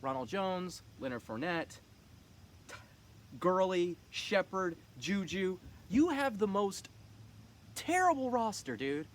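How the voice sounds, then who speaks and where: A man's voice: sits high, very animated, slow pace, pauses often. Cocky man trash-talking his fantasy league. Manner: cocky, teasing trash talk. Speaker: fantasy football league commissioner. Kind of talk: casual trash-talk vlog.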